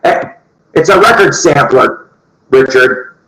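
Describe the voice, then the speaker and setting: Jokey male vinyl vlogger, somewhat high and lively; echoey room. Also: takes it slowly, a crowd in the background. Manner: jokey, rambling, talks straight to viewers. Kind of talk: casual chat to camera.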